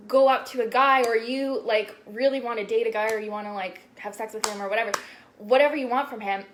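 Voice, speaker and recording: A woman's voice: a little high, fairly even intonation, fast talker, noisy background. Young woman, casual live-stream chat, coach, swears a lot, filler words. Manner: chatty, swears often, many "like"s. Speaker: spiritual coach.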